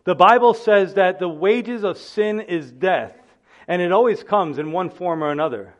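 A man's voice: high voice, moderate pace. A man preaching a sermon as pastor, earnest, acting out the people in the text.

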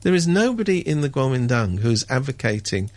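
A man chatting on a radio show, wry and sardonic, mimicking people in sudden high voices. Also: very animated, fairly quick, darkish tone, dry recording. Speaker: radio commentator. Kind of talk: casual radio chat.

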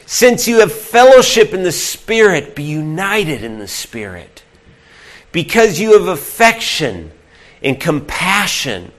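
A male pastor preaching a sermon earnestly, asking the listeners direct questions and swinging from loud emphatic points to hushed, near-whispered lines. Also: mid-range voice.

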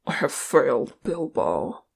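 A grim, proud dwarf king who broods over his failures, as a reader puts him on in a storybook reading. His slow, grave words come out with a rough, gravelly fry. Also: medium pitch, very animated, exaggerated voice. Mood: brooding. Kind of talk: audiobook reading of fan fiction.

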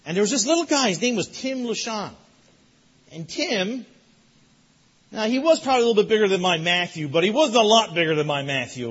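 A man preaching a sermon as a pastor, telling a lively story that builds in excitement. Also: fairly high pitch, husky, highs cut off. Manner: animated storytelling, rising loud in excitement.

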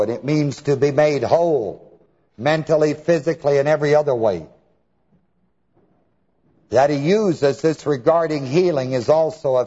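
A man's voice: medium pitch, mellow. A man preaching a sermon, asking the congregation to fill in words and spelling terms out letter by letter. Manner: call-and-response questions to the congregation. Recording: dull lo-fi recording with long hall reverb.

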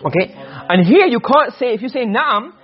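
A man's voice: extremely high pitch, expressive, moderate pace, dull audio. A man teaching an Arabic grammar class, asking questions and answering them himself, often repeating and restarting phrases. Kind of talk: classroom lecture.

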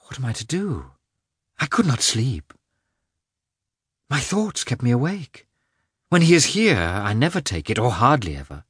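A male narrator lifts his voice into a jealous, restless noblewoman from a storybook reading, her lines climbing high and swinging widely as she presses and pleads. The sound is close and dry, with no room around it. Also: very animated, a little slow, long pauses, slightly rough, no echo, exaggerated voice. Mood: pleading, agitated. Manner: emotional, raised and insistent. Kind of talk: audiobook character voicing.

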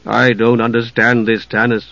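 A man's voice: mid-range voice, monotone, creaky, fairly bright tone, no echo, lo-fi sound. A man reading an audiobook, voicing a grieving, bewildered father who mumbles and halts. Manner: mumbling, halting.

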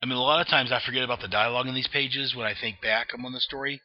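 Racing along in a medium-pitched, fairly even voice, a male comic book reader narrates a comic casually, stumbling through fillers and restarts. The lo-fi audio is dull and has no echo.

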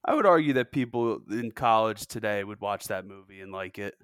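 A man's voice: lowish voice, expressive, a little fast, fairly bright tone, smooth, dry recording. A man co-hosting a casual sports chat, retelling old commercials with dry humor and laughter. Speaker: co-host.

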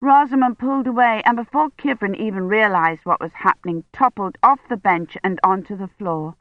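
A woman narrating an audiobook in a measured, even storytelling manner. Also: mid-range voice, no echo. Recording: dull dry recording.

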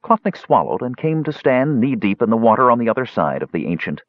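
A man narrating a fantasy audiobook in a measured, expressive reading. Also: mid-range voice, no echo. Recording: dull lo-fi dry recording.

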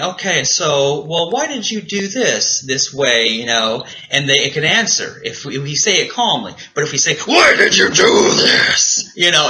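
A man's voice: a little high, sharp tone, poor audio. A man talking earnestly in a casual discussion, acting out quoted voices as he explains. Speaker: guest.

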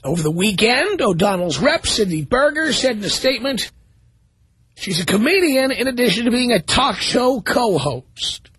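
Sarcastic high-voiced male radio host. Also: very animated, moderate pace, fairly bright tone, husky, dry recording. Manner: sarcastic, reading news items aloud with commentary. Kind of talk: talk radio monologue.

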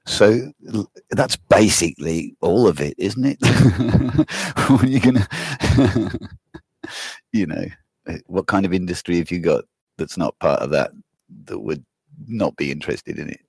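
A man's voice: low voice, expressive, unhurried, gravelly, darkish tone, husky, dry recording, studio quality. A man talking in a loose, rambling casual conversation, swearing offhandedly and laughing often.

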